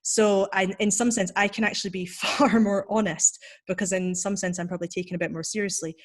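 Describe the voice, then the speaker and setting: A woman's voice: medium pitch, fairly even intonation, a little fast. A woman from Scotland with a general Scottish accent, speaking confidently and forthrightly as a guest in a casual video-call conversation. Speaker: guest author.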